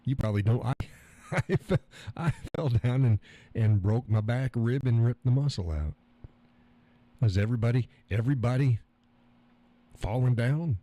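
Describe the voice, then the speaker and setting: A man's voice: medium pitch, normal speed, long pauses, warm tone, lo-fi sound. A middle-aged man hosting a casual live stream, reading out chat comments, joking crudely and laughing often. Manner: chatty, laughs often, salty jokes. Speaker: livestream host reading chat.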